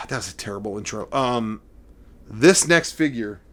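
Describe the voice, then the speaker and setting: A middle-aged man hosting a casual collecting vlog, rambling and excitable, playing up mock emotion. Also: fairly low pitch, unhurried. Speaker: vlogger showing figure collection.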